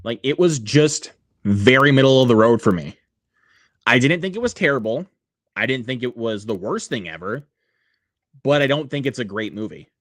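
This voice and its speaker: A man's voice: mid-range voice, expressive, normal speed, no room sound, studio quality. A man hosting a casual livestream, rambling with many fillers and reading viewer comments aloud. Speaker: livestream host.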